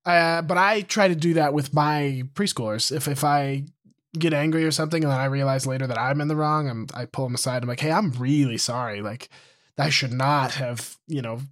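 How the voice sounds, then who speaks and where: A young man with a slightly raised pitch talks in loose, casual podcast chat. He rambles and restarts his sentences, telling stories from his own life. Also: fairly even intonation, brisk. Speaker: podcast co-host, preschool teacher.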